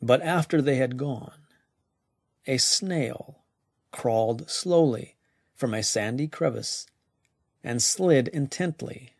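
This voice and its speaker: A man narrating a weird tale slowly and deliberately, his voice dropping now and then to a hushed near-whisper. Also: mid-range voice, no room sound, studio quality. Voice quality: gravelly. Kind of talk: slow scripted story narration.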